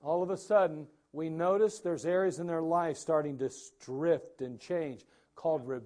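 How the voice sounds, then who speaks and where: A man preaching a sermon as pastor, animated and acting out the people's words. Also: a little high, moderate pace.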